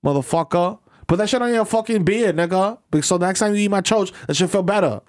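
A man doing a loud, cursing middle-aged woman actress with a New York accent. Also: high voice, fast talker, close to an everyday voice. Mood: indignant. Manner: screaming insults and curses.

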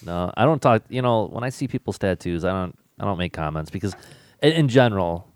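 Man, low-ish voice, casual chat, quick exclamations, dry close mic. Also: expressive, clear, resonant tone, dry recording.

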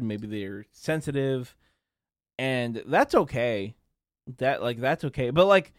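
A young man with a mid-range voice hosts a podcast, delivering a casual, crude solo rant. He laughs often and acts out quoted people in raised voices, recorded in studio quality with no echo.

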